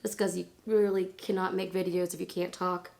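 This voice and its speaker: A woman in her thirties, hoarse from laryngitis, chatting casually and rambling through a makeup tutorial. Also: on the low side, level tone, brisk, darkish tone. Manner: chatty, rambling, lots of fillers. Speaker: beauty vlogger.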